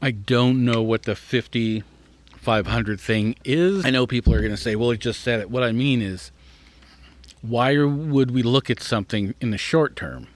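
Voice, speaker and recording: At a measured pace, a podcast host with a mid-range male voice reads an article aloud. He breaks off now and then to think out loud, occasionally stumbling over difficult words.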